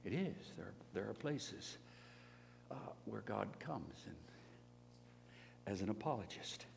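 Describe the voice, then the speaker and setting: Animated preacher in an echoing hall. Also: male voice, lowish voice, takes it slowly, gravelly. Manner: animated, rising to loud emphatic bursts when acting out pleas and scripture. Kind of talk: sermon. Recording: long hall reverb, faint hum.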